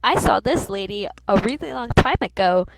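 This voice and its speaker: A woman voicing a sweet, innocent little boy, sounding wide-eyed, over loud background noise. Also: mid-range voice, animated, moderate pace, vocal fry.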